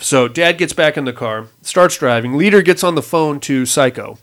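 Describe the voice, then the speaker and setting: A man chatting loosely about a movie, slipping into voices for each character as he retells the scenes. His voice sits a touch higher than most men's. The tone stays casual and crude throughout. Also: moderate pace. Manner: animated retelling, acts out characters' lines in shifting voices. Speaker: podcast co-host recapping a movie. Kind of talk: casual profane chat.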